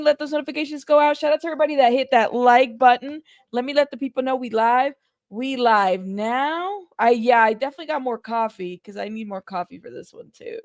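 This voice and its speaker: High, gravelly-voiced woman livestream host. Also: no echo, clean studio sound. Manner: chatty, greets viewers by name. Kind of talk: casual livestream chat.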